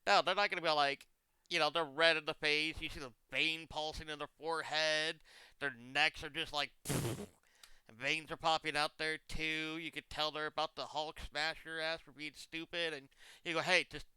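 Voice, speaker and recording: A man's voice: on the high side, little pitch movement, moderate pace, sharp tone, clear, resonant tone, no echo. A young man chatting casually as a streamer, telling long comic stories with exaggerated quoted lines. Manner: rambling comic storytelling, exaggerated quoted voices. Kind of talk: casual chat.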